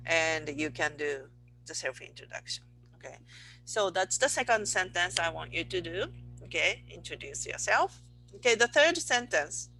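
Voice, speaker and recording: Patient Japanese-accented woman teaching slowly. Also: fairly low pitch, bright, forceful tone, rough recording. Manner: patient, repeats words slowly, asks "okay?" often. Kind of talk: online language lesson.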